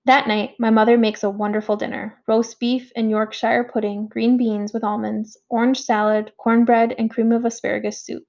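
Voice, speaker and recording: Woman audiobook narrator, first-person story, gravelly, slightly high voice, dull lo-fi sound. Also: level tone, normal speed, few pauses, a little mellow.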